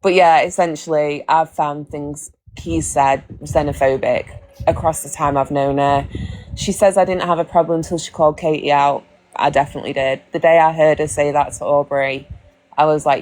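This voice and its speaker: A woman's voice: deep voice, fairly even intonation, normal speed, darkish tone. A young British woman chatting casually on a live stream, blunt and candid, swearing freely. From Britain. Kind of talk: casual chat.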